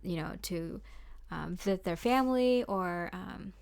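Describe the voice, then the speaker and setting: A young woman talks through a tarot card reading in a loose, casual way, full of fillers and small laughs. Her voice sits slightly lower than most women's. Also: a little slow, gravelly, a little mellow. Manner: chatty and rambling, full of fillers and little laughs.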